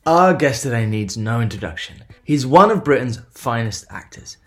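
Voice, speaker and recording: A man hosting a podcast, talking in a relaxed, informal way in a casual interview chat. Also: mid-range voice, normal speed. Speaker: podcast host.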